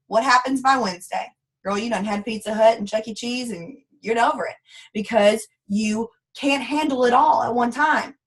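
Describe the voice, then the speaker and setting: A woman giving an energetic, preachy motivational training talk to her sales team. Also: high-pitched. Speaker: network marketing team leader.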